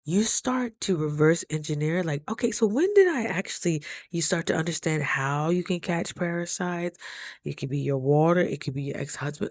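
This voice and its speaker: A woman vlogger telling stories to camera in a casual, animated, slangy way, acting out the voices of the people in them. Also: sits low, no echo, studio quality.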